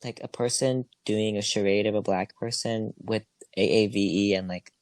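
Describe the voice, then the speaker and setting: A man's voice: on the low side, fairly even intonation, moderate pace, darkish tone, no room sound. Blunt man on a dry podcast mic. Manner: blunt, openly disagrees. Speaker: podcast co-host. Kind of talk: casual podcast chat.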